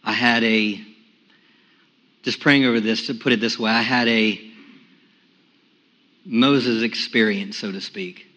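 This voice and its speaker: A bright, forceful male voice in a long-reverb church hall. A pastor gives a personal testimony, at times hushed and at times loud and soaring. The sanctuary echo hangs on each phrase. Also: steady tone, slow, long pauses. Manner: testimony builds from quiet and hushed to loud and high. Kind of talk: sermon.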